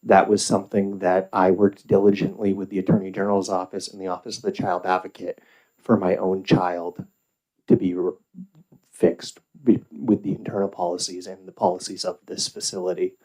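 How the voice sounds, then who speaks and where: A man testifying before a committee in a very low, flat voice. He speaks in a formal, measured way with occasional fillers. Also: poor audio. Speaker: public witness at a legislative hearing.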